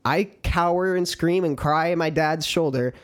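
A young man chats on a casual podcast in a somewhat high voice. He is easygoing and quick to laugh, and his stories are full of casual swearing. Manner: loose and laid-back, laughs easily, swears often. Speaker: podcast co-host. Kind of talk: casual chat, storytelling.

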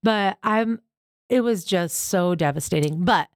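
A woman in her thirties co-hosting a casual podcast chat, lively and quick to laugh, acting out what others said. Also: fairly low pitch, no echo. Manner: animated, laughs often, acts out quotes. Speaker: podcast co-host.

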